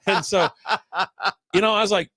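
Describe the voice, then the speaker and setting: A man's voice: sits high, fairly even intonation, normal speed, fairly bright tone, dry recording, studio quality. A middle-aged man co-hosting a casual beer chat, rambling and profane, telling stories and acting out what he said, laughing often. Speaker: co-host of a beer talk stream.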